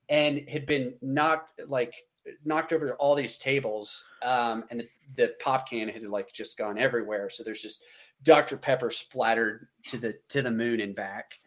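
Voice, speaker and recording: American man telling a war story. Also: mid-range voice. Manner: animated, acts out quoted dialogue, frequent fillers. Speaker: podcast guest, combat veteran. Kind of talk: casual storytelling.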